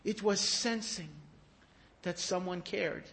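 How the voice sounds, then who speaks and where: A man giving a sermon, telling stories in an animated way that rises to emphatic peaks. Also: high voice, takes it slowly. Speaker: rabbi giving a talk. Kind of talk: storytelling sermon.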